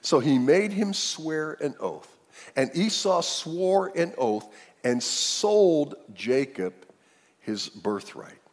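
A male pastor telling a story in a sermon, animated and acting out the characters. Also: fairly high pitch, slow pace. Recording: long hall reverb.

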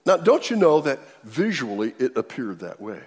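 A man preaching a sermon, animated, his voice leaping up and growing loud when he acts out quotes. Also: medium pitch, moderate pace, breathy edge, in a large hall. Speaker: pastor.

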